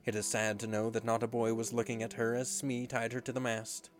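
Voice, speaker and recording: A man reading a storybook aloud in a measured, expressive way. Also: mid-range voice. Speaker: narrator.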